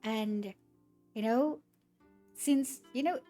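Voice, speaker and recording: Young woman, fairly high voice, unhurried and halting, casual streamer chat, faint music underneath. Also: dark tone. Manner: halting, rambling retelling with many restarts.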